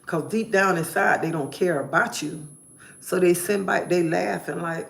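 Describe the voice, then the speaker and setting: A woman's voice: on the low side, normal speed, vocal fry. A woman live streamer giving an emphatic personal testimony, repeating phrases in a preacherly way.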